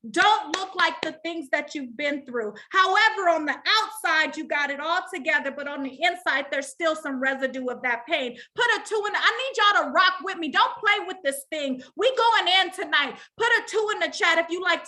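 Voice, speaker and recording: A woman's voice: very high-pitched, animated, normal speed, hardly any pauses, pushed and bright. A woman in her forties coaching a live online audience, preaching with call and response. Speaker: life coach. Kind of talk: live online motivational session.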